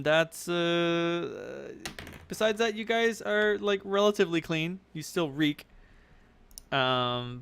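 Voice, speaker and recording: A man's voice: a little high, fairly bright tone, clear, resonant tone. A young man narrating a tabletop game as game master, in a casual, rambling way with many fillers.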